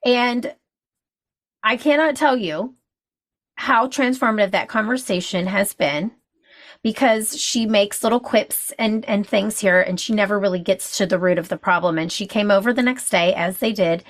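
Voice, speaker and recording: A woman guest telling a personal story in casual chat, animated and full of restarts. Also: medium pitch, moderate pace. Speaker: podcast guest.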